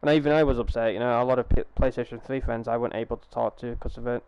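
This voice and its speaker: A man's voice: medium pitch, steady tone, fast talker, darkish tone, smooth, no room sound, dull audio. A young man chatting casually on a live gaming stream through a headset, rambling, swearing freely and restarting his sentences.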